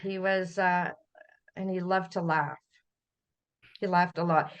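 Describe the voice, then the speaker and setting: A middle-aged Canadian woman, a podcast guest, telling family memories in a relaxed conversational way, often laughing as she recalls. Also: lowish voice, takes it slowly, muffled recording. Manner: warm storytelling, laughs while recalling. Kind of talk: conversational interview.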